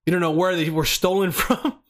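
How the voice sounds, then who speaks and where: A man's voice: high voice, fairly even intonation, brisk, a bit bright. A young man rambling through questions in a casual, profane monologue, often trailing off and restarting. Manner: rambling, profane, laid-back. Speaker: vlogger answering questions.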